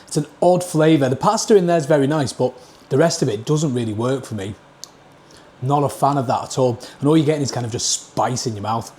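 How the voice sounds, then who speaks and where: A man's voice: medium pitch, fairly quick, a little mellow. Blunt Northern English man reviewing food. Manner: blunt, plain-spoken, scores each dish out of ten. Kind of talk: casual food review vlog.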